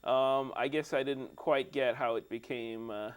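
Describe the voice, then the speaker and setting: A man co-hosts a studio talk show and shares his take on a film in an easygoing way. His voice sits at an average pitch, and he laughs often as he talks. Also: fairly even intonation, measured pace, clean tone. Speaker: co-host of a movie discussion show. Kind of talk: casual chat about a film. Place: cable TV studio.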